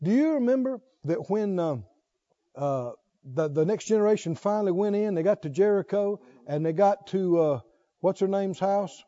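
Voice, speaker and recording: A man's voice: high-pitched, lively intonation, moderate pace, warm tone, highs cut off. A man preaching a sermon, reading scripture aloud and calling questions out to his congregation. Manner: calls out questions to the congregation, reads scripture aloud with rising fervor.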